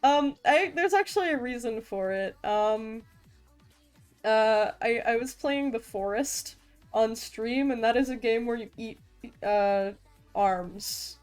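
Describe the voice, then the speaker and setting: A woman chatting casually on an art stream, playful and self-mocking, quick to laugh at her own jokes. Her voice sits a little high and she talks at an unhurried pace. Faint music plays underneath. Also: clear, resonant tone. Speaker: vtuber streamer.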